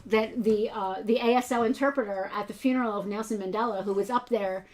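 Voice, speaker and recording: A woman's voice: mid-range voice, steady tone, fairly quick. A woman co-hosting a toy shop's live stream, chatting casually with frequent laughs and rambling asides.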